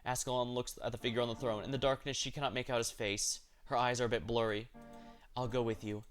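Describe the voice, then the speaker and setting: A man narrating a game story aloud with a steady reading voice at a middle pitch. He sometimes stumbles and corrects himself, and soft music plays underneath. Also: fast, smooth. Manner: steady reading with occasional slips and self-corrections.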